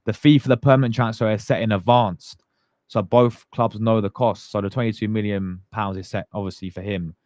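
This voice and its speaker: A man's voice: on the low side, fairly even intonation, brisk, a little mellow, no echo, studio quality. A young man hosting a live fan stream, chatting casually and greeting viewers by name in slangy talk. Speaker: fan channel host.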